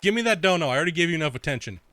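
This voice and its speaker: A man's voice: on the high side, expressive, rapid-fire, sharp tone, no echo. A young man streaming a video game in casual chat, trash-talking with heavy profanity, laughing often and rambling with filler words.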